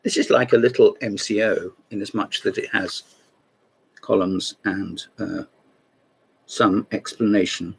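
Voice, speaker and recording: A man's voice: lowish voice, fairly even intonation, unhurried, gravelly, slightly rough, low-quality recording. A man hosting a casual show-and-tell video series, talking in a rambling way with wry asides. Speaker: host of a chess book video series.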